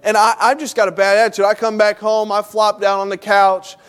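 A middle-aged man preaching a sermon, telling a story about himself and acting out both sides of the dialogue in an animated way. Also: high-pitched, fairly quick, clear, resonant tone. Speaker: pastor. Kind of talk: sermon with acted illustrations.

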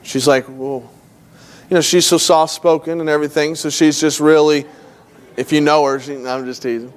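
A middle-aged man preaching a sermon, telling a story about himself and acting out both sides of the dialogue in an animated way. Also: fairly high pitch, brisk. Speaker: pastor. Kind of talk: sermon with acted illustrations.

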